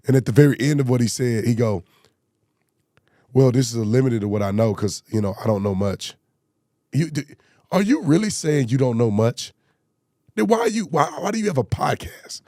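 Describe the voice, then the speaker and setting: A man's voice: medium pitch, darkish tone, dry recording, clean studio sound. A man hosting a political commentary show, ranting in an exasperated way, repeating himself and firing off rhetorical questions. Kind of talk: casual commentary rant.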